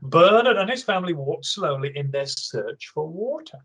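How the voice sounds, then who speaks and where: Animated male teacher reading aloud. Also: on the high side, normal speed, slightly rough, low-quality recording. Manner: animated, expressive, encouraging. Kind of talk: reading a picture book aloud in an online lesson.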